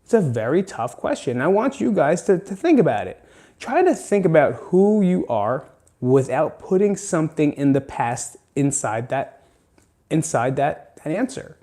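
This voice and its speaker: A man's voice: on the high side, very animated, a little slow, mellow. A man hosting a casual motivational monologue, rambling and candid, swearing freely and drifting into side remarks. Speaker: host.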